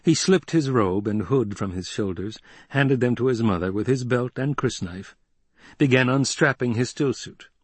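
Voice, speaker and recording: A man reading an audiobook narration in a steady, even manner. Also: medium pitch, moderate pace, breathy edge, no echo. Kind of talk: scripted narration.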